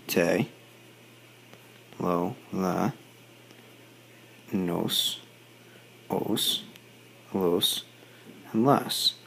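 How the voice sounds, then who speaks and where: A man teaching a recorded Spanish grammar lesson, explaining patiently step by step with quick asides to his students. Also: low voice, creaky, a little hiss or hum. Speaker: high school Spanish teacher.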